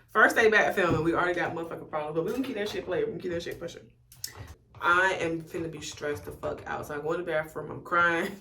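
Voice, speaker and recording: A woman's voice: on the low side, bright, forceful tone. A woman chatting candidly and profanely to her viewers while styling a wig, recorded on a phone camera. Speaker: beauty vlogger. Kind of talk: casual chit-chat while styling a wig.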